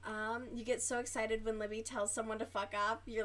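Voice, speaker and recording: A young woman livestreams while she crochets, chatting casually, rambling, and swearing with lots of fillers. Her voice sits on the high side with a level tone and a fairly quick pace, and background noise is present.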